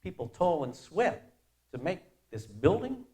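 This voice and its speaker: A middle-aged man preaching a sermon as pastor, conversational and animated, swinging from loud emphasis to quiet asides. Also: on the high side, unhurried.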